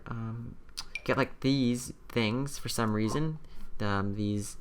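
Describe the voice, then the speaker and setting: A young man with a bright, clear tone talks his way through a building session in a casual, meandering way. He thinks out loud, hesitates often and fills the gaps with ums and likes, keeping it relaxed and unscripted. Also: mid-range voice. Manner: rambling, thinking aloud with many fillers. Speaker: video host building in a game. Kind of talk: casual gameplay commentary.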